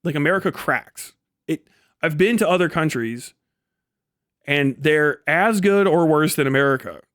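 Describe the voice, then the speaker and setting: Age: adult. Sex: man. Style: profane, sarcastic livestream rant. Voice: higher pitch, dry sound. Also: moderate pace, fairly bright tone, no room sound. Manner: sarcastic and mocking; swears constantly. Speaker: live streamer.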